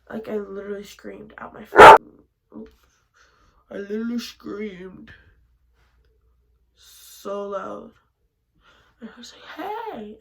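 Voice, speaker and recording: Young woman telling a story, animated. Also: mid-range voice, gravelly, rough recording. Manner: animated, swings between hushed asides and sudden loud bursts. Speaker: vlogger. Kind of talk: casual storytelling.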